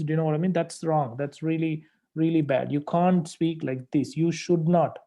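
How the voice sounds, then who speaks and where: A man working as an English test tutor, going over a student's mistakes and repeating the key advice slowly for emphasis. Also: a little high, mellow. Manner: corrective and repetitive, slows down to stress key phrases. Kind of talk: spoken feedback on a practice test.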